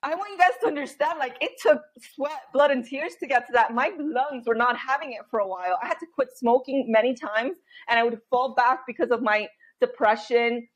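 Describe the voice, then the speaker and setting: A high-pitched woman in her thirties, chatting candidly as a podcast guest. She tells her story with animated energy and acts out her own thoughts in quoted asides. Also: brisk, hardly any pauses. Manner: animated storytelling, frequent laughter and quoted inner voice.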